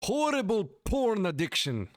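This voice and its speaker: High-voiced man in a stiff vampire bit. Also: wildly swooping pitch, a little slow, no echo, clean studio sound. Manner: stiff, formal mock-vampire delivery. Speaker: podcast co-host. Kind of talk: comedic podcast banter.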